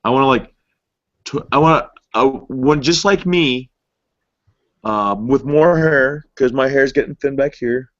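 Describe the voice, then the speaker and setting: A man's voice: mid-range voice, a little slow, fairly bright tone. A man co-hosting a casual chat show, rambling and self-deprecating. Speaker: co-host. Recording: dull, dry lo-fi audio.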